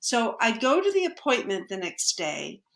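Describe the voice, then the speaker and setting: A woman with a gravelly, fairly high voice speaks at normal speed in an echoey room. She's an energy healer appearing as a podcast guest, a lively storyteller sharing a personal story and acting out the dialogue of the people in it.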